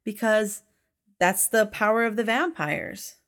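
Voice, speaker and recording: A woman's voice: mid-range voice, lively intonation, a little slow, a bit bright. A woman co-hosting a casual podcast chat about a film, emphatic and swearing freely. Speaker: podcast co-host reviewing a film.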